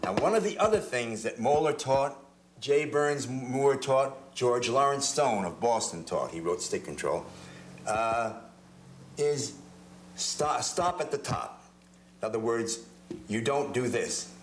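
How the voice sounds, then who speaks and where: In an echoey room with background noise, a drum teacher talks slowly and expressively in a mid-range voice. He explains technique one step at a time during a hands-on lesson, often repeating words as he shows each move, with drum hits filling the gaps between phrases.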